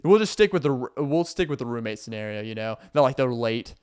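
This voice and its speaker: A man's voice: medium pitch, expressive, brisk, a little mellow, clean tone. A young man from Arkansas in a casual, rambling vlog monologue, sarcastic and full of fillers. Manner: rambling, sarcastic, acts out mock voices of passive aggressive people. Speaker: vlogger.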